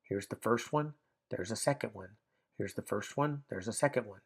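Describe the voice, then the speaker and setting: A man's voice: fairly low pitch, moderate pace, husky. A man teaching a grammar lesson, explaining step by step with frequent fillers and restarts. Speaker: Bible language teacher. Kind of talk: classroom grammar lecture.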